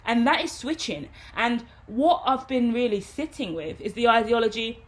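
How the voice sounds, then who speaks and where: A woman's voice: fairly high pitch, normal speed. A woman, a tarot reader, talking frankly and loosely in a casual vlog monologue. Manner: frank, rambling, conversational.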